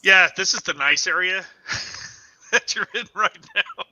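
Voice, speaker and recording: A man's voice: high-pitched, measured pace, bright, forceful tone, no echo. A man playing a tabletop game, speaking in an easygoing, hesitant way. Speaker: player.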